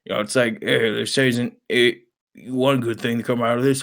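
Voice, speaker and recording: This casual podcast's male co-host has a medium-pitched, gravelly, fairly bright voice with fairly even intonation and moderate pace. He keeps up a fake British accent while storytelling and fills the gaps with hummed "pa pa pa" sounds.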